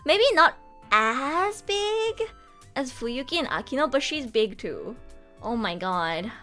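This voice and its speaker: Young woman, casual stream chat, frank, giggly, high voice, lively pitch. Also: takes it slowly, faint music behind. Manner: animated, giggly, frank, stumbling restarts. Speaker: streamer and voice actor.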